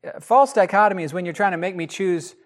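A man teaching the Bible in a casual podcast chat, animated and emphatic, with frequent restarts. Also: high voice, fast.

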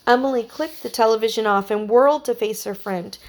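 A woman narrating a children's story with a steady, expressive reading. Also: a little high, fairly quick.

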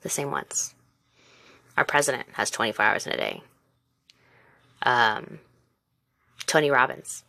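A woman's voice: rumbling low, big pitch swings, measured pace, creaky, long pauses, bright, forceful tone, no room sound. A woman in her twenties hosting a casual solo podcast, talking candidly and encouragingly straight to the listener. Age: 20s. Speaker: podcast host; mother and former teacher.

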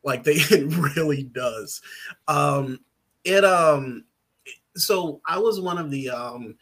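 A man's voice: on the high side, expressive, slow, a bit bright. A man, a writer guest on a podcast, talking casually in a rambling, hesitant way with many fillers and restarts.

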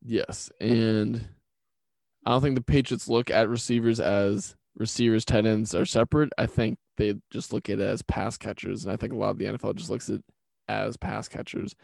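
A man chats casually about his team, blunt and opinionated. His voice has a gravelly edge to it. The sound is dry and close, with no room echo. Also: on the low side, steady tone, moderate pace, a little mellow. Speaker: podcast co-host. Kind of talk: casual sports chat.

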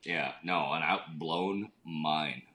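A man's voice: extremely low pitch, slow, crowd noise. A man in casual podcast chat, rambling and filling his sentences with "like". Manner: rambling, heavy use of "like". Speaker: podcast co-host.

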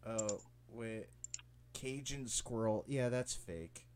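A man's voice: fairly low pitch, slow, darkish tone, a little hiss or hum. A man hosting a casual podcast chat, blunt and joking as he reads out odd soda flavors. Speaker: podcast host.

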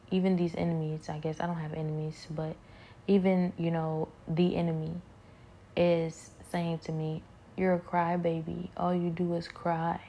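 Earnest woman in soft faith reflection. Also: deep voice, a little hiss or hum. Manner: earnest, halting, with soft whispered prayers.

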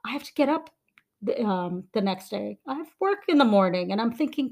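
Woman in her forties, podcast co-host, casual chat, storytelling, hesitant ums, mid pitch. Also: brisk, vocal fry. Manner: animated storytelling with many ums and restarts.

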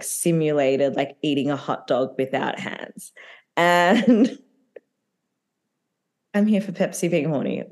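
A woman with a slightly low voice talks fast and loose on a casual podcast. She laughs often and fills her sentences with "like" and "um". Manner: chatty, giggly, full of filler words. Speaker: podcast co-host. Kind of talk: casual chat recapping reality TV.

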